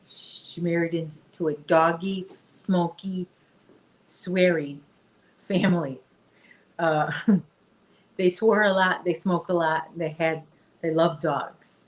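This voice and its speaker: Woman, crochet stream host, low-pitched, unhurried and chatty. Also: poor audio. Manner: chatty and rambling, talks to viewers and her dog. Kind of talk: casual livestream chat.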